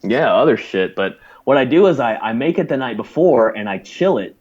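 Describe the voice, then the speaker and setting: A man's voice: medium pitch, expressive, fairly quick, highs cut off, crowd noise. A man, a podcast guest, telling stories in casual chat, profane and laughing often.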